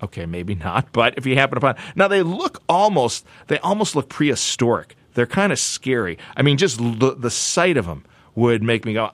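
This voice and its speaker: Animated joking male show host. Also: mid-range voice, moderate pace, few pauses, dry recording. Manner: playful, animated, full of restarts and asides. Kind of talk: joking broadcast segment.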